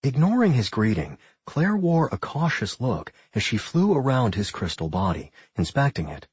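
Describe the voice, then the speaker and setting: A man narrating a fantasy audiobook in an expressive, animated reading. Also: mid-range voice, normal speed, slightly rough, no room sound.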